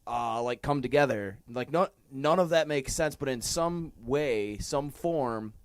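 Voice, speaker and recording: A man's voice: mid-range voice, a little slow. A man hosting a music show from a garage studio, chatting casually, joking and teasing his guest. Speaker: show host. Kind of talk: casual interview chat.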